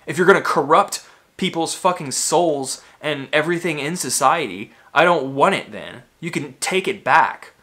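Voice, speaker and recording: A man's voice: on the high side, animated, moderate pace, sharp tone. A man in his thirties, ranting in a rambling, agitated monologue full of swearing and fillers. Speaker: vlogger.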